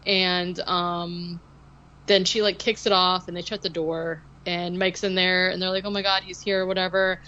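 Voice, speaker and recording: A woman's voice: lowish voice, flat delivery, unhurried, pushed and bright, dull audio. Rambling woman recapping a movie. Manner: rambling, many likes and ums. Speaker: podcast co-host. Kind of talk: casual movie recap chat.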